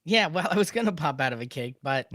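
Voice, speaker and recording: A man's voice: a little high, lively intonation, fast, a bit bright, no echo, clean studio sound. A man doing a cheeky plush puppet co-host. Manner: joking, teasing banter. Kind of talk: comedic talk-show banter.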